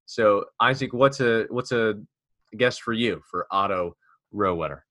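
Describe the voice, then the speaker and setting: Male podcast host, low-ish bright voice, dry close sound, rambling jokey delivery. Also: a little slow, no room sound. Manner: joking, rambling, with restarts. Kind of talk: casual chat.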